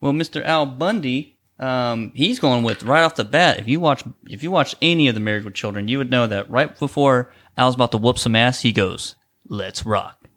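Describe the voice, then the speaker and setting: A man's voice: medium pitch, brisk, hardly any pauses. A man co-hosting a casual podcast, calling a joke wrestling game with lots of laughs. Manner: jokey, animated, laughs often. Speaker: co-host. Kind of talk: casual play-by-play banter.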